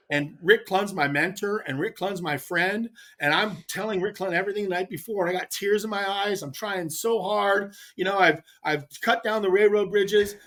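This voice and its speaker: Animated man telling a fishing story. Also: sits high. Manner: animated, emphatic, rambling. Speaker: guest angler. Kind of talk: casual storytelling.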